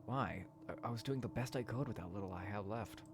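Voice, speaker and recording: A man reading a horror dating game aloud in a quiet voice, breaking into loud, profane rants between passages. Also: on the low side, brisk, background noise. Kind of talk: let's play narration and commentary.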